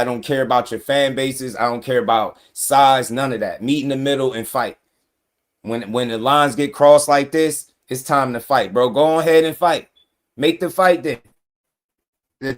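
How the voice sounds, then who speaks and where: Male boxing commentator, mid-pitched voice, direct and emphatic, talks straight at the fighters. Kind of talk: casual opinion commentary.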